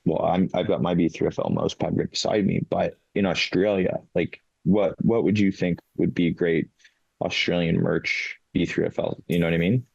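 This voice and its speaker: Very deep gravelly man, dull dry mic. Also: steady tone, darkish tone, no room sound. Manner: halting, many ums and restarts. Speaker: podcast host, fantasy league commissioner. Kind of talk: casual chat.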